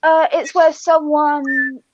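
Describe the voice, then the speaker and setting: A woman's voice: sits high, little pitch movement, slow pace, no room sound, dull audio. A woman talking in a casual online chat, rambling with fillers and swearing freely. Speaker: panelist.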